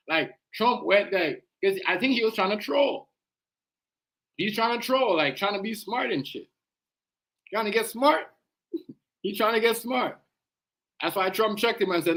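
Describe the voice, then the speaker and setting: A man with a Jamaican accent riffs through a casual reaction stream. His voice sits high for a man and has a bright, forceful edge. He talks in slang, leans hard on his points and keeps checking in with "you know what I mean". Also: lively intonation, a little slow, pauses often. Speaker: livestream reaction host.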